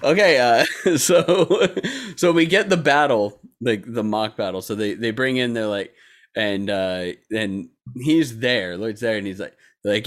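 A man chatting on a podcast with an animated, swooping pitch. He laughs often and slips into mocking character voices as he recaps scenes. His middle-pitched voice is relaxed and playful. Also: measured pace. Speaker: podcast co-host. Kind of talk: casual anime discussion chat.

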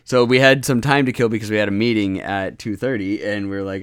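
A man co-hosting a casual gaming podcast, excitable and quick to laugh and swear. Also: fairly low pitch, clear, resonant tone, no room sound. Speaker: podcast co-host. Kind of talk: casual chat.

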